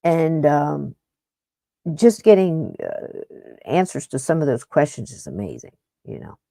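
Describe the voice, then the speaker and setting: Mellow-voiced woman chatting on a podcast. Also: low voice, wildly swooping pitch, a little slow, creaky, no echo. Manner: rambling, chatty, self-interrupting. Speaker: podcast host. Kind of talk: casual paranormal podcast talk.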